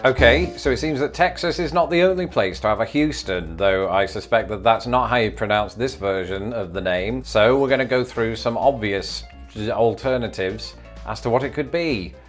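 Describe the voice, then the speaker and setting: A man's voice: fairly low pitch, moderate pace, faint music behind. A man with an English accent hosting a casual vlog, playfully sounding out tricky words again and again as he guesses. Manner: playful, repeats words over and over sounding them out. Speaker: YouTube host.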